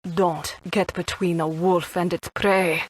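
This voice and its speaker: Sniper Wolf, a man voicing a husky, purring woman sniper. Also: high-pitched, level tone, no room sound, pitched above the performer's own voice. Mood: taunting. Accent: Middle Eastern. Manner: slow, taunting, drawn-out delivery. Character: seductive ruthless female sniper, adult woman. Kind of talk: audiobook character voice.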